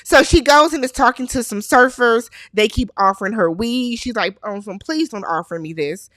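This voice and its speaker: A woman's voice: a little high, normal speed, fairly bright tone, dry recording, clean studio sound. A woman hosting a casual TV recap, chatty and opinionated, acting out the characters' lines as she goes. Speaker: recap host.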